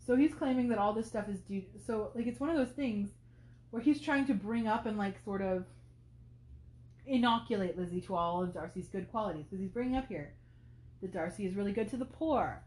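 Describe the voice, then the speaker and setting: A woman's voice: medium pitch, a little fast, a little mellow, roomy sound. A woman hosting a podcast, talking through a classic novel in casual commentary, thinking aloud with many fillers. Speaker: podcast host.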